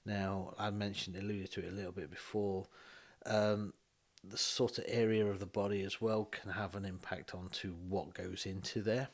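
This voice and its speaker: Man, fairly low voice, tattoo artist, lively chatty storyteller who acts out the dialogue. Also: normal speed. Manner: animated, acts out quoted dialogue, frequent restarts. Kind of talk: casual storytelling chat. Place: podcast recorded on a bus.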